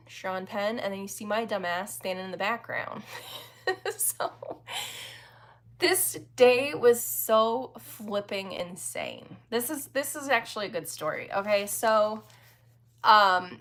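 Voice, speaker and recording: A woman in her forties hosts a livestream, chatting her way through a story with lots of laughter and fillers. Her voice sits at medium pitch and is slightly bright.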